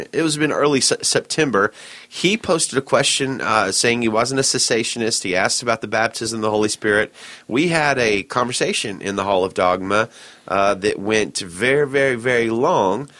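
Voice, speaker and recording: A man's voice: mid-range voice, fairly bright tone, no echo. A man co-hosting a casual podcast chat, speaking in an earnest, opinionated way. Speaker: podcast co-host.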